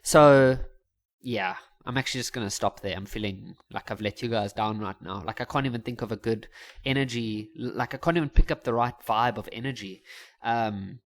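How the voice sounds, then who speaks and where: A man's voice: medium pitch, normal speed. A man teaching a science lesson in a casual, joking and self-mocking way, chatty and full of restarts.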